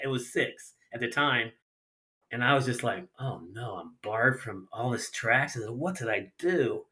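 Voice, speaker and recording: A middle-aged man from Ohio tells racing stories in a casual podcast chat. His voice is bright and forceful at an ordinary middle pitch. He acts out every back-and-forth with loose, slangy energy. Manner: animated anecdotes with lots of acted-out dialogue and casual slang. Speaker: guest, retired sprint car racer. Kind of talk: casual storytelling in a podcast interview.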